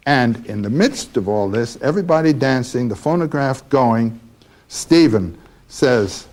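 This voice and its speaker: A man lecturing on a novel, talking slowly and haltingly with many fillers. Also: mid-range voice, expressive, darkish tone. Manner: slow and halting with frequent fillers. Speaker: literature lecturer.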